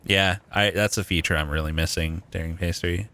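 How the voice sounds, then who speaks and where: Deep-voiced man thinking aloud on stream. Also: fairly even intonation, fairly quick, sharp tone. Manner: thinking aloud, profane, laughs often. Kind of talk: live gameplay commentary.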